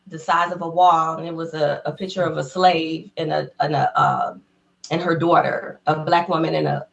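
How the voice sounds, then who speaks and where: A woman guest in an interview, telling an excited story in casual talk, laughing often and acting out what people said. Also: low voice, vocal fry, dull audio. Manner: excited, acts out quotes in a raised voice; laughs often between phrases.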